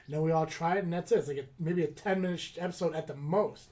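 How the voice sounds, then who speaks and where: Talking casually on his podcast, this man rambles with lots of fillers and false starts. His voice is a little high with a darkish tone, and his pace is quick.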